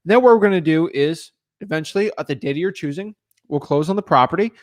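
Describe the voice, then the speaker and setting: A young man giving a live, conversational sales training talk as a real estate wholesaling coach, energetic and repetitive. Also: a little high, quick pace.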